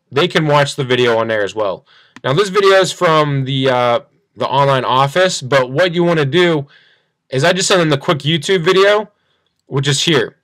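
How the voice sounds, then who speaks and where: A man's voice: on the high side, a bit bright, no echo, low-quality recording. Upbeat man coaching a sales call. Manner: upbeat, repeats phrases, acts out phone dialogue. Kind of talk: screen-share training talk.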